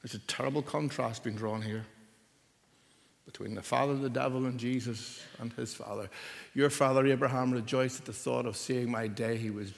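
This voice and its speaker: Older preacher in a reverberant hall. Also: male voice, mid-range voice, steady tone, moderate pace, gravelly. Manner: earnest, building to loud forceful emphasis. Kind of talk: sermon.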